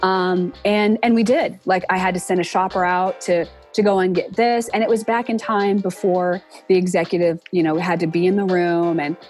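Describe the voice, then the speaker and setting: A woman's voice: moderate pace, few pauses, faint music behind. Earnest woman in a reflective interview. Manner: earnest, reflective, acts out quoted speech with lively pitch jumps. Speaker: interview guest, entertainment production professional. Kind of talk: casual interview conversation.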